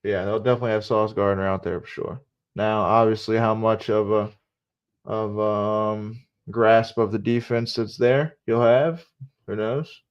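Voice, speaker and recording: A man's voice: fairly low pitch, steady tone, unhurried, clear, resonant tone. A man casually talking through a live sports stream, repeating himself and muttering asides. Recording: dull lo-fi stream audio.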